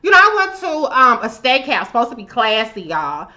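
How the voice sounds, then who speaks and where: Woman, bright sharp voice, sassy profane commentary, live stream. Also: on the high side, sing-song, moderate pace, dull audio. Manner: sassy, emphatic, loose and profane. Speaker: live show host. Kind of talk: profane political commentary monologue.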